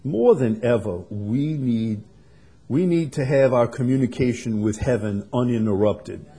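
A man preaching a sermon, swinging from quiet and conversational to loud, emphatic passages. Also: mid-range voice, a little slow, husky. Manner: builds to loud emphatic preaching, then drops soft. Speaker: pastor.

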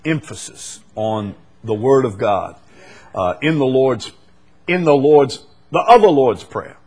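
A preacher in mid-sermon, a man whose voice sits at an ordinary pitch with a husky, slightly breathy grain. He climbs sharply when he quotes scripture, then drops back to plain talk, often stumbling over repeated words. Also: animated, unhurried, a little mellow. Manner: emphatic rises on scripture quotes, stammered repeats.

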